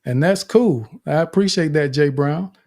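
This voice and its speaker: A man's voice: on the high side, moderate pace, a little mellow. A man hosting an online speaking group, giving upbeat feedback and numbered tips. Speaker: host and speaking coach. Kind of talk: group coaching session.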